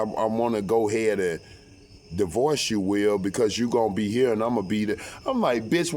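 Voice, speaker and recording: A man tells a personal story in casual, profane language, his voice sitting on the low side. He acts out quotes loudly and keeps repeating and restarting his words.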